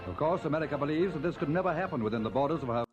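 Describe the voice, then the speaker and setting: Fast, lively 1950s newsreel announcer man. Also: a little high. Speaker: newsreel narrator. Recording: dull old newsreel audio with music.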